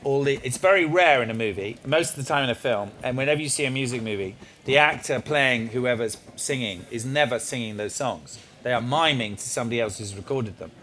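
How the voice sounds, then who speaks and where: A man on a film panel telling anecdotes from the set, animated and teasing. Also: mid-range voice, a little fast, hardly any pauses.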